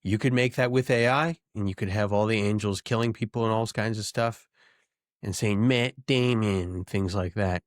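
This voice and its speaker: A young adult man co-hosting a podcast, chatting casually and ranting in a jokey way, his pitch jumping up when he gets worked up. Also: normal speed, dry recording, clean studio sound. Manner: animated, jokey, rants with rising pitch. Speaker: podcast co-host. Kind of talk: casual banter.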